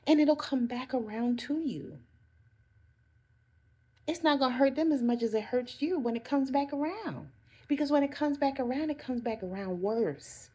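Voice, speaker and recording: Her voice sits high, mellow and husky, moving at a moderate pace. She's a vlogger giving a casual motivational talk to camera, addressing viewers directly with sincere self-care tips and repeated phrases to drive points home.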